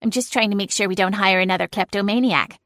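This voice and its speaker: A woman's voice: mid-range voice, steady tone, fast, fairly bright tone, no room sound, clean studio sound, natural voice. A woman voicing a snarky, nosy female talking cat in an audiobook, grumbling and blunt. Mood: defensive. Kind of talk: audiobook character voice.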